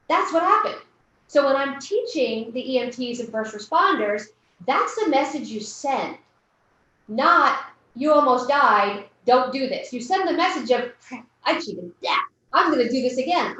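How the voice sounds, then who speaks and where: A woman's voice: sits high, fairly bright tone, recorded from a distance. A woman giving a conference keynote, telling a personal story and acting out the people in it. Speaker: keynote speaker. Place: large conference hall. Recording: echoey hall, lo-fi from afar.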